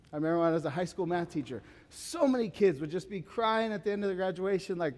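A man in his thirties delivers a sermon in a slightly high voice, animated and conversational, building to urgent peaks and falling to hushed moments. His words ring out with a long reverb, as if in a church sanctuary. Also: fast talker. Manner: animated, rising to urgent emphasis and dropping to quiet; conversational asides with casual fillers. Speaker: pastor.

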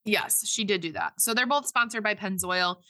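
A woman's voice: medium pitch, normal speed, pushed and bright, no echo. A woman casually retelling a movie plot in a chatty podcast conversation, rambling with lots of fillers and restarts. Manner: rambling, filler-heavy retelling with quoted voices. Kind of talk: casual movie recap chat.

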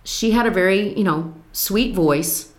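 An older woman, a former Marine, telling stories from her service in an animated, laughing conversational way. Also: mid-range voice, a little slow, echoey room. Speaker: veteran telling her story. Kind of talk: casual storytelling chat.

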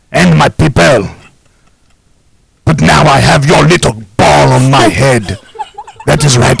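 A man's voice: on the high side, vocal fry, voice pushed up, poor audio. A man playing a boastful, self-crowned mock king with grandiose, formal speech in an improvised comedy bit.

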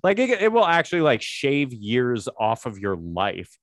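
A man's voice: medium pitch, huge pitch swings, a little slow, no echo, clean studio sound. A man co-hosting a podcast, talking casually in a sardonic, profane, rambling way. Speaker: podcast co-host. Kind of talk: casual chat.

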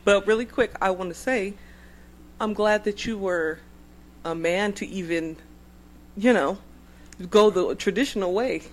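A woman's voice: medium pitch, unhurried, long pauses, rough recording. A woman co-hosting a podcast, chatting casually and chiming in on her partner's story. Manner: chatty, interjects and laughs along. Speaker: podcast co-host. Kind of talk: casual chat.

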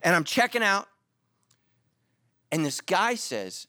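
A man's voice: a little high, normal speed, long pauses, no echo. A middle-aged man preaching a sermon as a pastor, telling stories with jokes and acting out quotes. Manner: animated storytelling with jokes and acted-out quotes.

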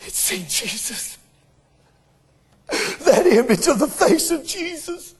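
A male preacher delivering a sermon in a very high voice with a slow, drawn-out pace. His delivery is fervent, climbing again and again into shouts. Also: very animated.

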